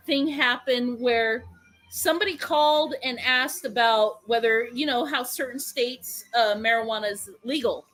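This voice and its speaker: A woman co-hosting a casual chat, reacting quickly and telling a story in a guarded way. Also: fairly high pitch, fairly bright tone, poor audio.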